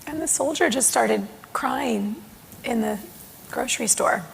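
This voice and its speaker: A woman giving a conference keynote on mindfulness to a live audience in a large hall, telling stories with lively acted-out quotes. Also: a little high, a little slow, gravelly, slight background noise. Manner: animated storytelling with acted quotes. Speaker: mindfulness speaker. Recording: long hall reverb.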